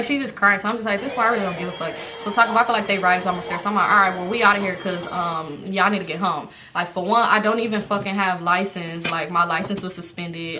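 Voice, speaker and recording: Young woman, quick bright storytime rant, swears a lot. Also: mid-range voice, a little hiss or hum. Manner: animated, profane, quotes friends in her own voice. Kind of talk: casual storytime monologue.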